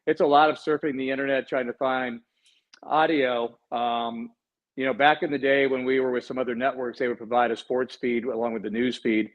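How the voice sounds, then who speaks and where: A male sports radio host talking into a studio mic, quick and playful, ribbing his co-hosts. His voice sits at a middling pitch, and the audio is a little dull and muffled. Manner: joking, quick and lively. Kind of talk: casual radio sports banter. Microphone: studio microphone.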